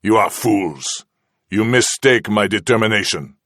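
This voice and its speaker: A man voicing a cruel captain, slow and cold in his threats. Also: lowish voice, expressive, fairly bright tone, dry recording, clean studio sound. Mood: menacing. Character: cruel Spanish male captain, menacing and sarcastic.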